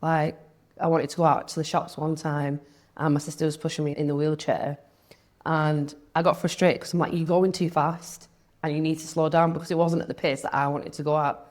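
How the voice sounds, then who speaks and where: A woman's voice: sits low, flat delivery, brisk. A young woman, talking candidly as an interview guest, chatty, with lots of "like" and quoted thoughts.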